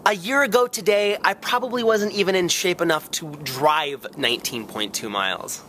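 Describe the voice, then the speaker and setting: A man chatting casually to camera in a vlog, rambling and excitable, sore after a long run, poking fun at himself between plenty of fillers. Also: high-pitched, normal speed, a little hiss or hum. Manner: rambling, excitable, self-mocking, lots of fillers. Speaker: vlogger.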